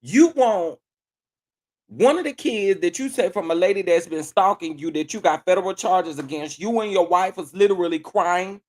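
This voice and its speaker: A man's voice: sits high, normal speed, darkish tone. A man hosting a reaction commentary, talking back at a played call, incredulous and exclaiming, repeating lines for emphasis. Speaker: commentary vlogger.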